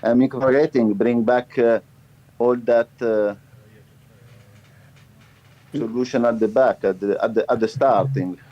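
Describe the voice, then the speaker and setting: A man in a casual studio chat speaking haltingly, often searching for words. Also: mid-range voice, steady tone. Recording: slightly dull sound.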